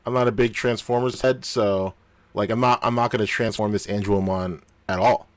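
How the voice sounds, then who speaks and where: A man with a low, deep voice chatting casually as a podcast co-host. His delivery is loose and profane, broken up by frequent laughter. The sound is dry and close, with no room around it. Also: fairly even intonation, moderate pace, no echo. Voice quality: unusually deep on this mic. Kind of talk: casual chat.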